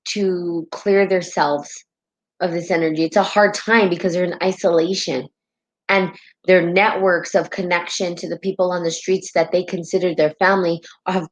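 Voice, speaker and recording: A woman's voice: lowish voice, steady tone, moderate pace, poor audio. A woman hosting a spiritual live stream in casual talk, heartfelt and rambling, often tagging her sentences with "right?", and tearful at times.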